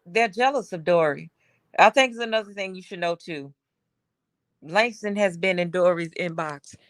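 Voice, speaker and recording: A woman's voice: fairly low pitch, normal speed, no room sound. A woman from Georgia calling into a livestream chat as a guest, teasing and gossipy. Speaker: call-in guest.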